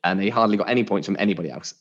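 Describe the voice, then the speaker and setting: A man's voice: fairly low pitch, very fast. Male co-host, easygoing chat, lo-fi sound. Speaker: podcast co-host. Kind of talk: casual educational chat.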